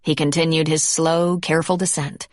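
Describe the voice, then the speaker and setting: A woman narrates a romance audiobook in a measured, scripted way. Her voice is low for a woman, and the recording is dry and close. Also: little pitch movement, darkish tone, no echo.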